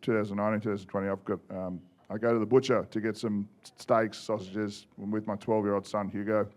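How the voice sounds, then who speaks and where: A man's voice: on the low side, level tone, fast talker, darkish tone. A man in his forties with an Australian accent, a former rugby player telling self-mocking stories on a podcast and laughing as he goes. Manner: laughing, self-mocking anecdotes, swears freely. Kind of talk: casual storytelling on a podcast.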